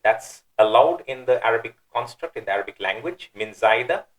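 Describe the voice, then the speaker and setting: A man's voice: mid-range voice, animated, brisk, low-quality recording. A man teaching a Quran verse, methodically explaining word choices and thinking aloud as he weighs the options.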